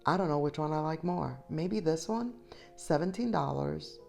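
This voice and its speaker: A middle-aged woman shopping vlogger, low-pitched with vocal fry and a mellow tone, chats enthusiastically straight to her viewers while she shops. Her intonation is lively, her pace moderate, and faint music plays behind this casual voice-over.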